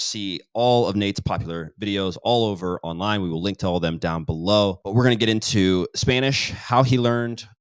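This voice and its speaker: A man from the United States, hosting a casual interview in an easygoing, deliberate way. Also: on the low side, dry recording, clean studio sound. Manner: easygoing, deliberate host with fillers. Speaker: channel host, interviewer.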